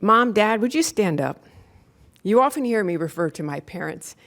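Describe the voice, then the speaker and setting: A woman's voice: mid-range voice, expressive, moderate pace, fairly bright tone. A woman chairing a county commission meeting as mayor, speaking in emotional, chatty thank-yous and correcting herself as she goes. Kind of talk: emotional thank-you remarks.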